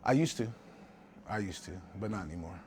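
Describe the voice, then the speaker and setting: A man, a professional fighter, telling a story in a casual interview, animated and acting out quoted voices with frequent restarts. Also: deep voice, a little fast, a little hiss or hum.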